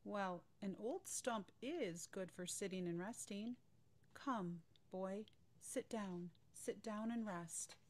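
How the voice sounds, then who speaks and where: A woman voicing a gentle, selfless female apple tree in a storybook, speaking tenderly and softly. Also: mid-range voice, takes it slowly, lightly acted. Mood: sorrowful.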